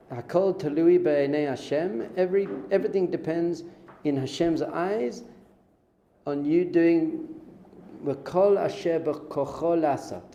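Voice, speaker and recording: A middle-aged rabbi gives an informal class in a lively, joking way and acts out little exchanges. His voice is fairly high for a man, with a gravelly edge and a mellow tone. The room is echoey, with faint noise behind him. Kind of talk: informal Torah lesson.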